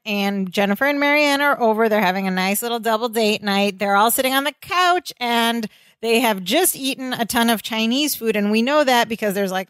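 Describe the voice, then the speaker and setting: A woman's voice: mid-range voice, fairly bright tone, no echo, studio quality. A woman co-hosting a podcast, casually retelling a sitcom episode and laughing often. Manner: chatty, laughing, retells scenes with quoted lines. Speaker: podcast co-host. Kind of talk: casual rewatch podcast recap.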